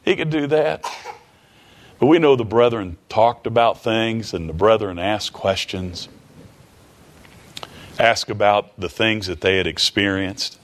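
A man's voice: lowish voice, measured pace, pauses often, slight background noise. Folksy preacher man with drawl. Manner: folksy, repeats phrases, chuckles often. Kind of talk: sermon.

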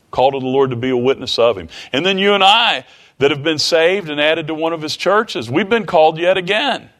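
A man's voice: fairly high pitch, fairly bright tone. A man preaching a sermon in a folksy, repetitive way, often chuckling.

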